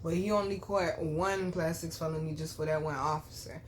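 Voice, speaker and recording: A woman vlogger telling her own story to viewers, blunt and full of swearing, dropping to low murmurs and then bursting out loud. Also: moderate pace, a little hiss or hum. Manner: blunt, profane, animated storytelling. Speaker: spiritual reader and vlogger. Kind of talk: candid storytime chat to viewers.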